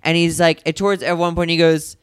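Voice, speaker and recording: A woman's voice: lowish voice, flat delivery, brisk, clear, resonant tone, no echo. A woman co-hosting a podcast, chatting casually and telling stories in short play-by-play bursts with quoted dialogue. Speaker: podcast co-host. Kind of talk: casual chat.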